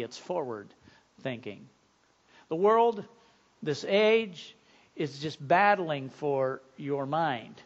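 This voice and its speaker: A pastor in his fifties delivers a sermon in a fairly high male voice. He preaches earnestly and climbs louder and higher when he drives a point home. The recording sounds a little dull and lo-fi.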